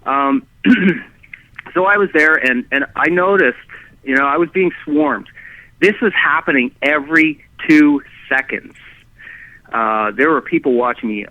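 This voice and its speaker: A man telling his own story as a guest, halting and animated, with many restarts and fillers. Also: on the high side, no room sound. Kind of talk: rambling first-person storytelling. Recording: dry tinny phone line.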